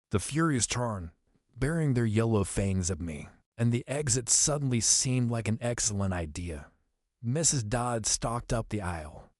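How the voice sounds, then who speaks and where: A man reading an adventure novel aloud as an audiobook narrator, telling the action briskly in the first person. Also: on the low side, darkish tone, no echo, studio quality. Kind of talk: scripted storybook narration.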